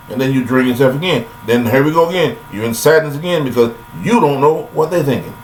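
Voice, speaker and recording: A man's voice: mid-range voice, fast talker, hardly any pauses, a little hiss or hum, rough recording. An older man delivering a rambling, folksy philosophical monologue to listeners, recorded on a laptop webcam. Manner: folksy and preachy, addresses listeners directly. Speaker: vlogger.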